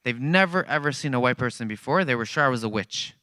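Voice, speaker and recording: A man preaching to a church congregation, acting out each character in his story with lively energy. His voice is bright and smooth, and it is recorded close and dry. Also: mid-range voice, quick pace, no echo. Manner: animated storyteller acting out dialogue. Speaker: guest speaker at a church.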